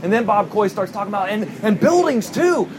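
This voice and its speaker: High-voiced pastor telling a story. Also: male voice, animated, fairly quick, noisy background. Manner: storytelling, emphatic, rising to near-shouting when recounting anger. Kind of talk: sermon.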